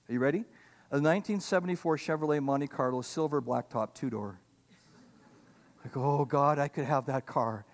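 High-voiced animated male preacher. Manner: animated preaching with sudden loud emphatic lines and humorous asides. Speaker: pastor. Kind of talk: sermon.

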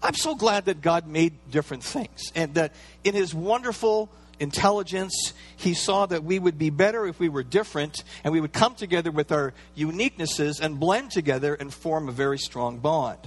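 A pastor preaching a sermon in a relaxed, conversational way, with playful asides and everyday fillers. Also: male voice, a little high, normal speed.

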